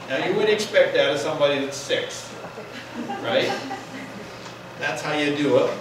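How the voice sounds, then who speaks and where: A man teaching a Bible class in an animated, wry, conversational way. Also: on the high side, measured pace. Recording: echoey room from far off, noisy.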